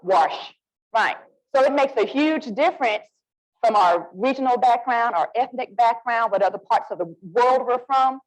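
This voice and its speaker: Southern alabama lady running a reading workshop, kinda high voice, coaxing the crowd, says y'all. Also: moderate pace, low-quality recording. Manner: lively, coaxing, addresses audience as y'all. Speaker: literacy presenter. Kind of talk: interactive workshop talk.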